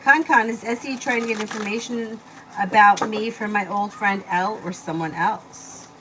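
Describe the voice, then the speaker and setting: This tarot reader speaks at a moderate pace in a mid-range voice with fairly even intonation. Streaming live from her home, she reads out questions from viewers and replies in a relaxed, filler-heavy way, all on a noisy recording.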